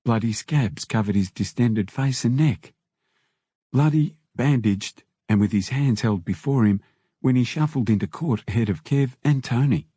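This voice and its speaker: Dark, husky male audiobook narrator. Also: medium pitch, normal speed, dry recording, studio quality.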